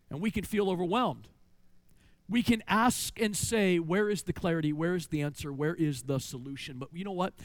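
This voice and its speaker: A man's voice: high-pitched, no room sound. A middle-aged man preaching a sermon as pastor in a church, telling stories and asking rhetorical questions. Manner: animated storytelling with rhetorical questions. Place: church sanctuary.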